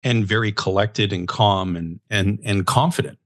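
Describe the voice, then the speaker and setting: A man with a fairly low voice co-hosts a podcast. He praises the guest eagerly and pushes listeners to act right away. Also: normal speed. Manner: enthusiastic, plugs the guest's book. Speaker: podcast co-host. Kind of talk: podcast interview talk.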